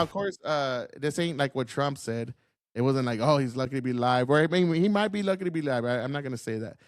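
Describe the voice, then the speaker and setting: A man's voice: mid-range voice, dry recording, studio quality. A man giving heated solo commentary to camera, swearing often and rambling with frequent restarts. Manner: profane, agitated, rambling with restarts.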